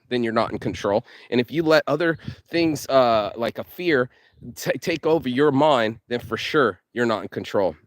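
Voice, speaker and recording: A male vlogger delivers a fired-up motivational monologue, cursing freely and rambling with restarts as he stumbles over his words. His pitch is an ordinary middle, and the recording is dry and close with no room sound.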